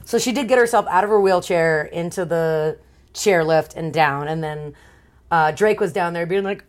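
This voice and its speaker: A woman's voice: on the low side, normal speed. Chatty woman retelling a book plot. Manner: chatty, lots of "like", retells scenes in quoted voices. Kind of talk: casual book recap chat.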